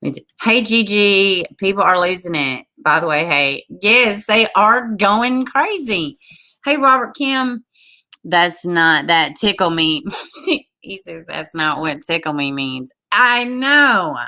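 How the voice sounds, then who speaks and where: A woman hosting a livestream from home, reading news stories aloud and reacting in an exasperated, animated way while talking straight to her viewers. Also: medium pitch, slow. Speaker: livestream host. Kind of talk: casual news commentary to a live chat.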